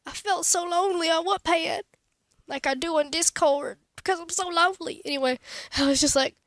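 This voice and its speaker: High-voiced goofy teen girl vlogger. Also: brisk, fairly bright tone, dry recording, studio quality. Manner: goofy, self-mocking, stumbling restarts. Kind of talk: casual rambling vlog.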